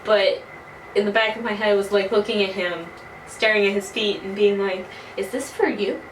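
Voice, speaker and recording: A woman's voice: medium pitch, normal speed. Swearing young woman telling a story. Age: early 20s. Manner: animated, swears freely. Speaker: vlogger. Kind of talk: casual storytelling. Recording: roomy, from a distance, faint noise.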